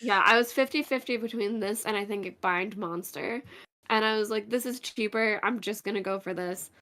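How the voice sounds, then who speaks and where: A woman joins a card game live stream as a guest player. She talks in a hesitant, self-deprecating way, with nervous laughs. Her voice sits at an ordinary pitch. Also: moderate pace, bright, forceful tone. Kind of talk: casual chat about a card game stream.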